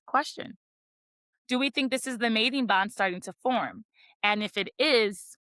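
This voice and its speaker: A woman with a bright, forceful voice retells a novel's chapters for her podcast. She slips in dramatic readings of the quotes and stays chatty throughout. The sound is dry and close, with little room in it. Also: mid-range voice, dry recording. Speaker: podcast host. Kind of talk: casual book-club recap.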